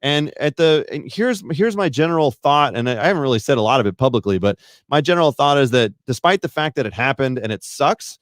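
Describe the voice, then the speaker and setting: Man, podcast guest, rapid rambling talk, dry close sound, self-deprecating. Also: medium pitch, lively intonation, no echo. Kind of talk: casual chat.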